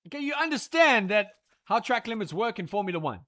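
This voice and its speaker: A man hosting a live race watchalong stream, giving excitable, profane, ranting commentary. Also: sits high, fairly quick, heavy background noise.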